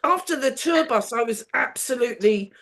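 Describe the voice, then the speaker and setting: A woman's voice: on the high side, expressive, moderate pace, a bit bright. A middle-aged woman, a television producer on as a guest, telling anecdotes in a casual chat, laughing often and acting out the people she quotes.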